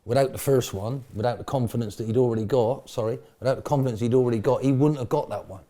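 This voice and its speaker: A man's voice: medium pitch, fast. A middle-aged man, a former football manager, telling colourful stories in an interview at a pub, full of slang. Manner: colourful slang, bursts of loud laughing shouts. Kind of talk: animated storytelling interview.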